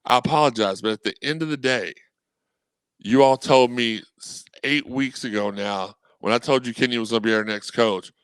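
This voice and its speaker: A man on a podcast as a guest, talking sports in a rambling, animated way. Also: mid-range voice, moderate pace, clean tone, dry recording. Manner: animated, rambling, quotes people in voices. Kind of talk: casual sports talk.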